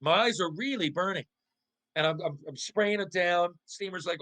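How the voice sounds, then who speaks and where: A man's voice: normal speed, low-quality recording. A middle-aged man, a former pro hockey player, telling a casual anecdote as a podcast guest, swearing freely and tripping over restarts. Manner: lively, profane, stumbling restarts, jumps into high voices for quotes.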